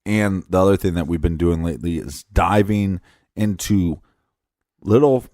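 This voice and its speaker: Deep voiced guy cohosting a crime podcast, blunt, kinda mocking, dry close sound. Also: moderate pace, dark tone, no echo. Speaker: podcast co-host. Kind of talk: casual true crime podcast chat.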